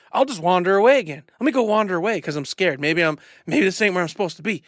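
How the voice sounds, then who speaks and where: High-voiced, exasperated male co-host. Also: animated, fast talker, hardly any pauses, a bit bright, no room sound, clean studio sound. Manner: self-mocking, exasperated, acts out the people he quotes. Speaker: podcast co-host. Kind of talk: casual chat.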